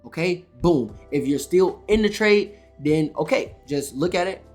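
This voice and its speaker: A man's voice: fairly high pitch, unhurried, faint music behind. A man who runs a trading channel, talking to camera in a loose, rambling way, full of "all right" and "you know" and restarts, a little wired after a big coffee. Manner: energetic, rambling, self-correcting, says "all right" and "you know" a lot. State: amped up on coffee. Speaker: day trading YouTuber. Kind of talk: casual to-camera trading advice.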